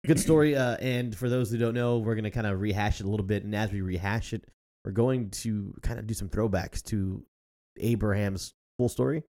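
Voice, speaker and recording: Jokey man in his thirties, mellow voice. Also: on the low side, a little fast. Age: 30s. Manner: jokey, animated, laughs often. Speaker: podcast co-host. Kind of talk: casual chat.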